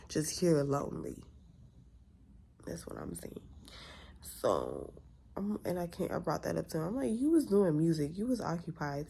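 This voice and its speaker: Young woman, low gravelly voice, candid venting, casual storytime vlog, faint background hiss. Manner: candid, venting, quotes others in lively asides. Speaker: vlogger.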